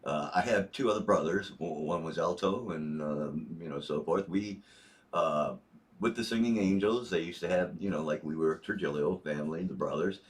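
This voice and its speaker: Deep-voiced older man chatting casually. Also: normal speed. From Northeast Ohio. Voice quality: deep bass voice. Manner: rambling, easygoing storyteller. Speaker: guest on a livestream reading viewer messages. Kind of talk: casual livestream chat.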